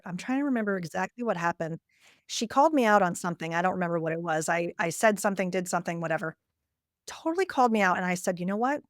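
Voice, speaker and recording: A woman's voice: lowish voice, dry recording, studio quality. A woman hosting a podcast, chatting casually and laughing easily with her guest. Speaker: podcast host. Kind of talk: casual interview chat.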